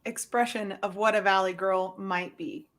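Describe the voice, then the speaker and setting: A woman's voice: medium pitch, steady tone, normal speed, a bit bright. A woman chatting casually on a livestream in an enthusiastic, encouraging way.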